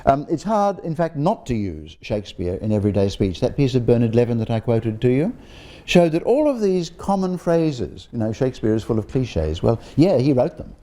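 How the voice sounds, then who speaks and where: With a sing-song, dark-toned voice of medium pitch at a moderate pace, an older man lectures informally to guests in a room. He's a linguistics professor invited to speak, amiable and rambling, full of ums and restarted sentences.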